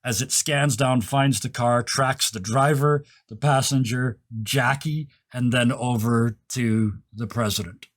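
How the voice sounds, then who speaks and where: A man runs a tabletop role-playing game, setting the scene for the players with enthusiasm. He throws in quick asides as he narrates. His voice sits at a middle pitch. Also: steady tone. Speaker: game master.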